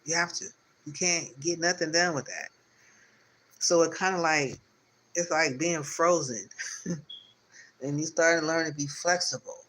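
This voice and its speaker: A man's voice: on the high side, fairly even intonation, unhurried, long pauses, a bit bright, a little hiss or hum, poor audio. A man giving a spiritual tarot reading on a live stream, talking in loose, repetitive, encouraging circles. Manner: rambling, repetitive, spiritual pep talk. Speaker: tarot reader.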